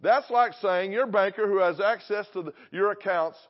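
A man's voice: sits high, moderate pace. Guy preaching in church, keeps repeating himself and quizzing the crowd, kinda muffled lo-fi sound. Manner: emphatic, repeats phrases, asks the crowd questions. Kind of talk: sermon. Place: church in front of a congregation. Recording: dull lo-fi recording.

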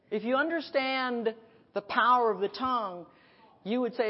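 A woman's voice: on the high side, lo-fi sound. Emphatic woman pastor preaching. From United States. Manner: emphatic, repetitive declarations with dramatic pauses. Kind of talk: sermon. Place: conference hall.

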